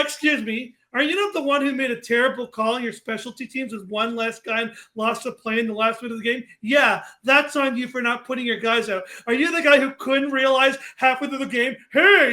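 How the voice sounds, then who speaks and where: A man co-hosting a sports talk show, venting with fired-up indignation and shouting at times. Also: very high-pitched, fairly even intonation, brisk, few pauses.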